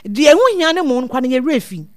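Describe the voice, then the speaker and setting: A high-voiced woman with big pitch swings and a slightly mellow tone talks a little fast, advising parents earnestly as a child-welfare guest in a relaxed, two-language conversation. She often repeats words while gathering her thoughts. The recording is dry and studio quality.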